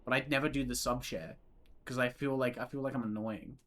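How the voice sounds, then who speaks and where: A man's voice: medium pitch, steady tone, brisk, fairly bright tone. A young man streaming a visual novel, narrating its lines and chatting in a giggly, rambling way with casual swearing. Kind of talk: reading a visual novel aloud with live chat.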